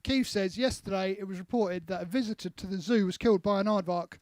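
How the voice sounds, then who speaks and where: A man's voice: high-pitched, fast talker, darkish tone, no room sound. Jokey man reading out viewer jokes. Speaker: band member, co-host. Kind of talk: casual chat.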